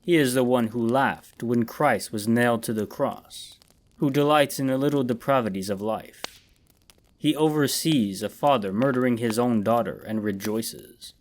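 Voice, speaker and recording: Deep voice, somber, slow, grim ancient immortal, read by a man, horror audiobook. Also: slight background noise, lightly acted. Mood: ominous.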